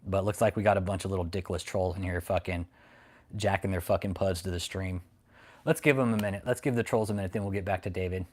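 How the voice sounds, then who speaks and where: This man's low voice stays fairly even in intonation as he talks fast on his livestream. He rants casually at his critics and reads chat with profanity, mockery and confrontation.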